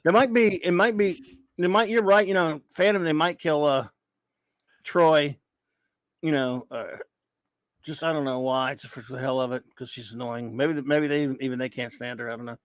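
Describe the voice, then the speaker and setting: A higher-pitched man chatting as a podcast co-host, blunt and sarcastic. His voice is recorded dry, with no noticeable echo. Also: fairly even intonation, normal speed. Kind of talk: casual chat.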